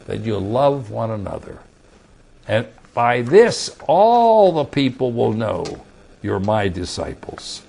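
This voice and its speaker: A man preaching a sermon, emphatic and rising to loud scripture readings. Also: mid-range voice, sing-song, takes it slowly, vocal fry.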